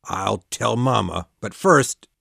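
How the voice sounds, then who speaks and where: A woman's voice: extremely low pitch, expressive, slow, gravelly, no room sound, studio quality, pitched below the performer's own voice, heavily acted. A woman voicing a furious, spoiled young boy who bullies his cousin, in a storybook reading. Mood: outraged. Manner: growling outraged shouting. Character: spoiled bullying schoolboy, furious. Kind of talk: audiobook narration.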